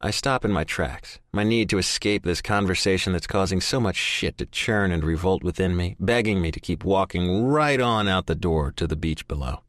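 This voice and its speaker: Male audiobook narrator, deep and dry, brooding first-person read with raw intensity. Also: normal speed, few pauses, no room sound. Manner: intense, brooding, profane inner monologue.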